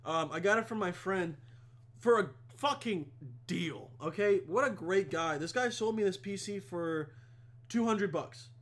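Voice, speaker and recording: A man's voice: high voice, unhurried, fairly bright tone. A young man hosting a podcast, telling a rambling, heavily profane story in a casual monologue. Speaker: podcast host.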